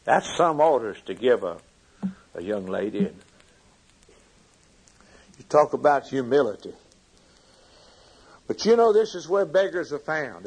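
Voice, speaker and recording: A man preaching a sermon with fervent delivery, swinging from loud emphasis to hushed lines. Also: mid-range voice, big pitch swings, a little slow, long pauses, husky, low-quality recording.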